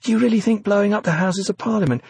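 A man reading aloud, voicing an earnest, eager young woman in a raised, breathy voice. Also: high-pitched, very fast, darkish tone, dry recording, voice pushed up, full character voice.

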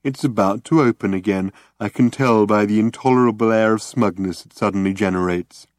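A man reading the part of a gloomy, depressed male robot in a weary droning monotone, in an audiobook. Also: lowish voice, a little fast, dry recording, clean studio sound, lightly acted. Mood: weary gloom.

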